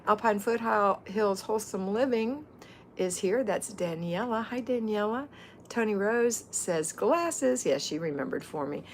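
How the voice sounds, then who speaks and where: A woman's voice: medium pitch, a little slow, slight background noise. Chatty woman hosting a livestream. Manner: greets viewers by name, chatty. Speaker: livestream host and home-organizing mentor. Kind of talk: casual livestream chat.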